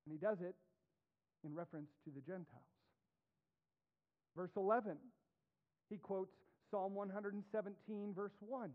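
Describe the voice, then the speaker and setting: A male pastor preaching a sermon, reading scripture aloud with deliberate weight as his voice rises and drops sharply for emphasis. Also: high-pitched, fairly even intonation. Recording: tinny, phone-like narrow sound.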